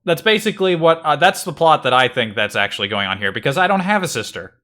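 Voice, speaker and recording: A man's voice: fairly high pitch, sing-song, quick pace, pushed and bright. A man streaming a video game, muttering to himself in wry, slightly frantic casual commentary.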